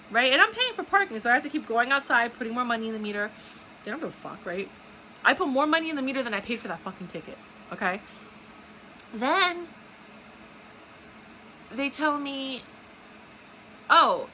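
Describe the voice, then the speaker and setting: Woman ranting angrily, swearing, bright tense voice, a bit high, faint background noise. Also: poor audio. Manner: angry, swearing, indignant. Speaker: video host. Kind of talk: casual ranting monologue.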